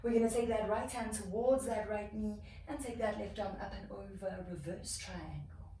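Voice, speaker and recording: A woman yoga instructor calmly cueing a flowing class, slightly out of breath as she moves through the poses. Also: medium pitch, moderate pace. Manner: calm, flowing cues with soft exhales between moves. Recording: echoey room, distant mic, faint noise.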